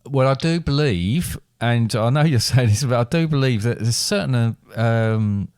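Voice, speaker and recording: A man's voice: medium pitch, animated, a little slow, a little mellow, smooth, no echo, studio quality. A man co-hosting a casual podcast, talking hesitantly with many restarts. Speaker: podcast co-host. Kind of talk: casual chat.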